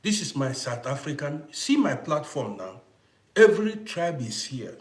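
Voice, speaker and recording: A young man talking forcefully to viewers in a casual livestream and thanking them for gifts. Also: a little high, sing-song, unhurried, roomy sound. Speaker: live stream host.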